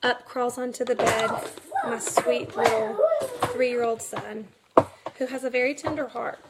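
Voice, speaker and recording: A woman's voice: sits high, very animated, unhurried, creaky, heavy background noise. A woman in her thirties chatting casually to camera at home, laughing through her story with lots of fillers. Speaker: mother vlogging. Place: home, kids nearby.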